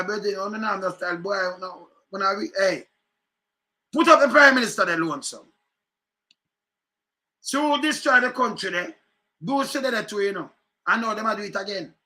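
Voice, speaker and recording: A man with a Jamaican accent giving casual, animated commentary on political news clips, often repeating phrases. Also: high-pitched.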